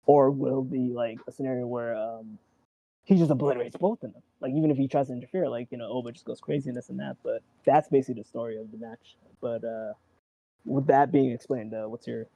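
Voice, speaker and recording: A man in casual chat about wrestling, rambling and excitable, acting out quotes and swearing. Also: medium pitch, quick pace, creaky, dry recording, poor audio. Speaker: wrestling show co-host.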